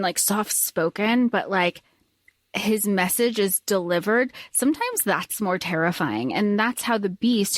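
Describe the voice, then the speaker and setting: A woman's voice: medium pitch, dry recording. A woman co-hosting a casual book podcast, talking through her thoughts in a chatty, meandering way. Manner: chatty, thinks aloud with fillers and restarts. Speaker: podcast co-host.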